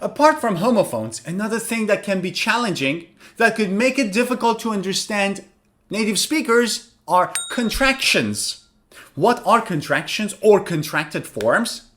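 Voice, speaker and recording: Man, english teacher, high voice, lively swoops, clear deliberate explaining. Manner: clear, deliberate, demonstrates words slowly. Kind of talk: online lesson explanation.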